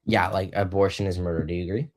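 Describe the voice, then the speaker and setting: A teenage boy hosting a casual live-streamed debate, halting and full of fillers. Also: deep voice, fairly even intonation, a little mellow. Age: teens. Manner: halting, many fillers and restarts. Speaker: debate host.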